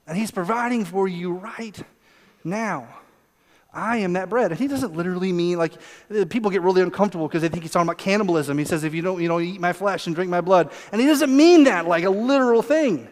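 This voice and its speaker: A man with a high voice preaches a lively sermon, acting out voices in his quotes and often repeating words. He is heard in a church sanctuary with a long, lingering reverb. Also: brisk. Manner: animated, acts out voices in quotes, repeats words when excited. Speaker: pastor.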